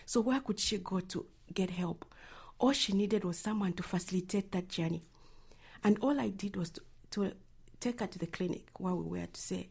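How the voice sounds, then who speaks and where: Speaking briskly in a husky, medium-pitched voice with a darkish tone, a woman who advocates for reproductive health responds earnestly to interview questions. The ends of her phrases frequently fade almost to a whisper.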